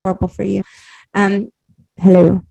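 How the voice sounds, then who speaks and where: Animated woman coaching on a video call. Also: medium pitch, moderate pace, vocal fry, breathy edge, dull audio. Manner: warm, animated, laughs often, coaching tone. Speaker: women's life coach and teacher. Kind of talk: live online class.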